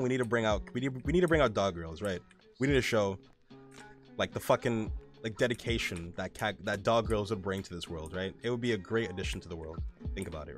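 Profane, excitable man ranting on stream. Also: mid-range voice. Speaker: gaming streamer. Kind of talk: casual rant while playing a game.

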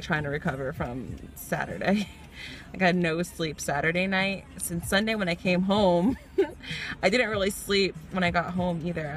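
Giggly woman vlogging from her car. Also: lowish voice. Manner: chatty, giggly, rambling. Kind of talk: casual vlog chat. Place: in a car while driving.

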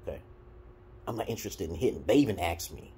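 New york guy ranting to camera, low husky voice, crude and blunt, lively pitch. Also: fast talker, slight background noise. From Brooklyn, New York. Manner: blunt, crude, animated, swings between loud and muttered. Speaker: vlogger giving dating advice. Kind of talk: casual rant to camera.

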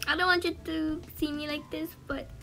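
A woman's voice: sits high, flat delivery, normal speed, gravelly, music in the background. A woman hosting a game reaction vlog, teary and gushing, often trailing off and restarting her sentences. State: teary, near crying. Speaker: gaming channel host.

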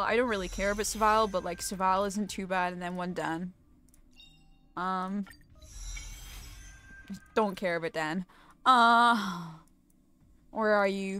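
A woman's voice: mid-range voice, pushed and bright. A young woman streaming a game, chatting casually, swearing freely and poking fun at herself. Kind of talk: casual live-stream gaming chat.

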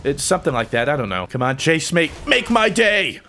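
A man giving excitable live gameplay commentary, joking and trash-talking opponents as he plays. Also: on the high side, brisk. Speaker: gaming channel host.

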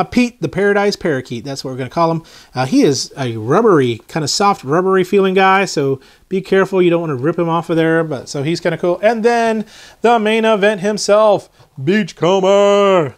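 A man's voice: on the high side, animated, a little fast, few pauses. A man talks through a toy review in an easygoing, rambling way. He drifts off topic often and chats as he handles the figure. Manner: rambling, easily sidetracked, chatty. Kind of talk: casual unboxing review.

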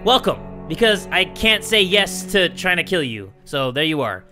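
A young man with a high, bright voice talks through a video game at an easy clip, now and then yelling and cursing at it. He reads the on-screen text aloud with mock drama. Faint music plays under him. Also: big pitch swings, moderate pace. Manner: loud, swearing outbursts and yelling at the game. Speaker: gaming YouTuber. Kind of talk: gameplay commentary.

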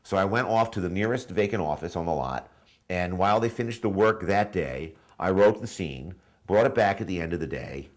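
A man's voice: deep voice, expressive, a little fast. A man, a screenwriter, telling a rambling story in a documentary interview, full of fillers and restarts.

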